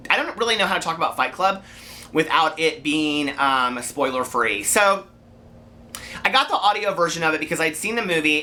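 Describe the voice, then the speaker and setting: A man's voice: fairly high pitch, pushed and bright. A man talking casually to camera in his office about a book he read, chatty with many fillers and restarts, a little out of breath. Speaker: book vlogger. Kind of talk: casual video review.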